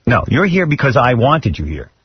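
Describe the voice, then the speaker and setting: A man's voice: mid-range voice, wildly swooping pitch, moderate pace, a little hiss or hum. A male radio host, blunt and teasing with his guests. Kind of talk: radio talk show. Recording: dull lo-fi radio broadcast.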